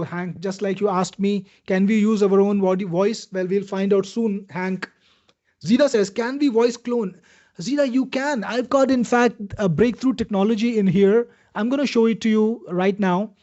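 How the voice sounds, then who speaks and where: Indian-accented male webinar host, salesy and chatty, higher mellow voice, lo-fi sound. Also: steady tone, moderate pace. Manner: chatty salesman, answers viewers by name. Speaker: webinar host demoing software. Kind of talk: live webinar product demo. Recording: dull lo-fi webinar audio.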